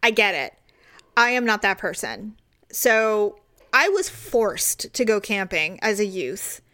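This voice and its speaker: A woman's voice: medium pitch, sing-song, slow pace, bright, forceful tone. A woman co-hosting a casual chat, telling a story with lots of energy and acting out the voices of the people in it. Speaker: co-host.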